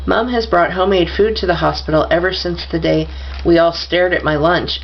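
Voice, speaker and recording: A woman reads a novel aloud in a low, gravelly voice. She lets the dialogue shift her tone a little, and the recording sounds dull and lo-fi. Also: a little hiss or hum. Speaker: audiobook reader.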